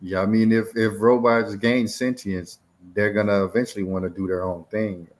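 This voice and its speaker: A man's voice: fairly low pitch, flat delivery, normal speed. A man co-hosting a casual tech podcast, talking in a thoughtful, musing way. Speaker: podcast co-host. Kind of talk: casual chat.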